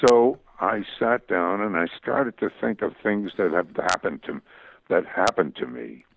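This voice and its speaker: An older man, a guest cartoonist, telling stories in an interview in a halting way full of restarts. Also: low-pitched, animated, gravelly, background noise. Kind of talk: interview storytelling. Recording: tinny phone-like radio audio.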